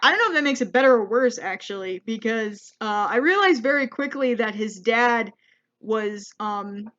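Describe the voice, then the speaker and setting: Bright, self-deprecating comedian woman. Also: a little high, moderate pace, dull audio. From United States. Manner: rambling and self-deprecating, with many restarts. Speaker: comedian vlogger. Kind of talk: comedic storytelling monologue.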